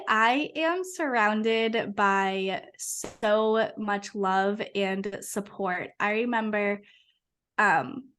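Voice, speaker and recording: A young woman from Massachusetts, a podcast guest, telling her story in an earnest, animated, casual way. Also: mid-range voice. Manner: earnest, animated, uses many fillers. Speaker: podcast guest, hypnotherapist and coach.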